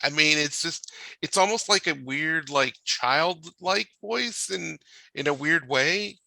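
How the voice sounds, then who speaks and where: A man co-hosts a casual podcast in a very bright, sharp voice with a gravelly edge. He throws in playful, joking asides. His voice sounds dry and close, with no room around it. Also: fairly high pitch, dry recording. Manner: playful and jokey, quick asides. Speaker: podcast co-host.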